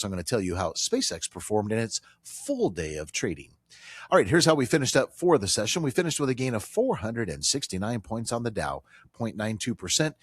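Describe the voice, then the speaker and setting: Male radio host, lively up-and-down delivery, emphatic, repeats key points, dry close sound. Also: fairly low pitch, slightly rough, no echo. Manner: casual banter with a colleague. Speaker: radio talk show host. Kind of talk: financial talk radio.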